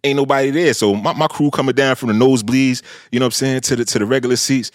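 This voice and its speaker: A man's voice: mid-range voice, fairly even intonation, fast, no echo, clean studio sound. A man in his thirties, a former offensive lineman, telling stories in a laid-back casual chat with lots of "bro". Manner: laid-back, lots of "bro" and "you know what I'm saying". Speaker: former pro football offensive lineman, podcast guest.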